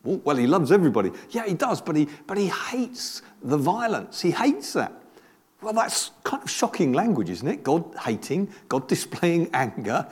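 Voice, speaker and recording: A man's voice: on the high side, very animated, normal speed. A man preaching a sermon in a conversational way, repeating words and asking the congregation rhetorical questions. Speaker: pastor.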